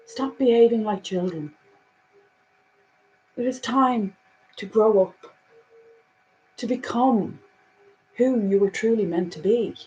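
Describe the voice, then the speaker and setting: A woman giving a spiritual oracle card reading, earnest, full of "you know" fillers, moving between hushed passages and emphatic ones. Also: mid-range voice, slow, long pauses, highs cut off.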